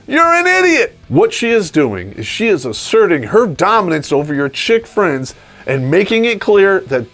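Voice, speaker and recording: A man hosting a video, delivering a crude, sarcastic comedic rant with laughing asides. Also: a little high. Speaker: vlog host. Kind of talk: ranting comedic monologue.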